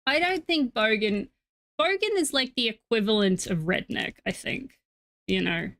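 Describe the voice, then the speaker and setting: A woman's voice: a little high, sing-song, moderate pace, fairly bright tone. A woman streaming a game live, chatting casually with her viewers and talking to her pet in asides.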